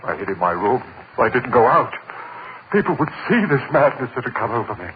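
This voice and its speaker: A man's voice: medium pitch, big pitch swings, fairly quick, noisy background, lightly acted. Actor as a haunted man sliding into madness. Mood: brooding. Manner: intense, breaking into frantic cries. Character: lecturer losing his mind, haunted. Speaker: narrator and lead. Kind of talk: 1940s radio acting. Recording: muffled old radio recording.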